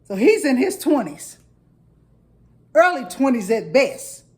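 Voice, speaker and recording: A middle-aged St. woman with a high, bright voice tells family stories in a loose, chatty way. She acts out the quotes in animated turns. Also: takes it slowly. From St. Louis, USA. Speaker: storyteller. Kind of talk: casual storytelling.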